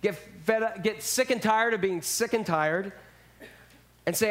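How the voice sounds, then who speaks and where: A man's voice: high-pitched, measured pace. A man preaching a sermon in a church, speaking casually and acting out quotes in character voices. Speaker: pastor.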